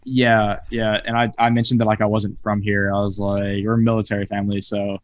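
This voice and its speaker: Man in his 20s, podcast guest, low voice, animated, swears a lot, video call. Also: a little fast, lo-fi sound. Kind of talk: casual storytelling chat.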